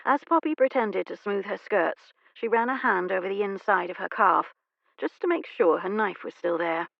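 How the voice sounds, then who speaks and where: A woman narrating a romance audiobook in a measured, even storytelling manner. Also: mid-range voice, creaky, dry recording, dull audio. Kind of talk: scripted narration.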